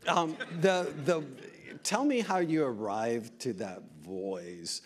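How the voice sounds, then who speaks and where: A man's voice: medium pitch, takes it slowly. A man moderating a festival Q&A, asking questions hesitantly with many ums and restarts.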